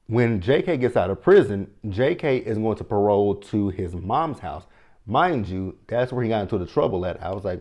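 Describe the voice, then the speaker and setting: A man's voice: lowish voice, lively intonation, normal speed, a little mellow. A man, recapping a reality show in a chatty, sassy way with mock-quoted reactions. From Texas. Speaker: TV recap host. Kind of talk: casual recap commentary.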